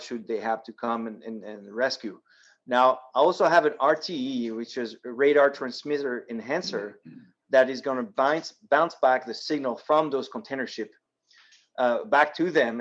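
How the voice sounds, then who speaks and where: Through a muffled recording, a mid-range male voice with a French accent comes from a guest speaker from France. He answers audience questions in a yacht club meeting room after presenting, laying things out practically step by step, with many ums and restarts.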